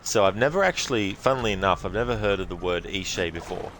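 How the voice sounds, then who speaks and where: An Australian man streaming a video game, chatting casually with viewers in a relaxed, rambling way and laughing easily. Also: deep voice, fast, background noise.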